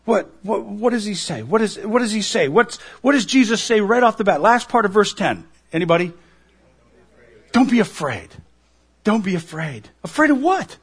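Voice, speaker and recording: A male pastor delivers a sermon with a high, husky voice. His pitch swings widely as he works through the text, often repeating words and slipping into acted-out lines. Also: fairly quick, few pauses. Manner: animated, acts out quoted voices, repeats himself.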